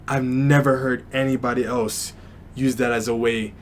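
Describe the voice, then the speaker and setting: A man chats through a music reaction, musing aloud and hedging his thoughts. His voice sits at an everyday pitch, loose and unpolished, and a faint hiss runs behind it. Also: little pitch movement, moderate pace. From New York. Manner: thinks aloud, hedging, many fillers. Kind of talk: casual reaction commentary.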